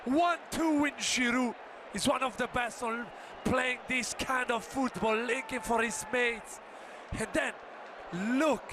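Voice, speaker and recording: A man calling a soccer goal in excited, shouting play-by-play commentary, from a clip played on air. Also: very high voice, unhurried. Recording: played clip with stadium noise.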